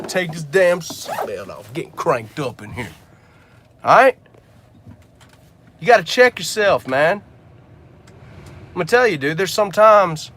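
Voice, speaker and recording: A man's voice: sits high, sing-song, a little slow, pauses often, a bit bright. A man giving a blunt, preachy motivational rant from his car, swearing casually as he talks to his viewers. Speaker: business coach and channel host.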